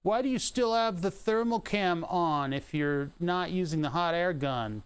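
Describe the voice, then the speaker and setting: Male streamer, profane and rambling, smooth clear voice a bit on the high side. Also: lively intonation, unhurried. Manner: profane, rambling, self-amused. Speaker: streamer repairing a keyboard. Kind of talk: casual livestream chat while working. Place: home room with air conditioning running.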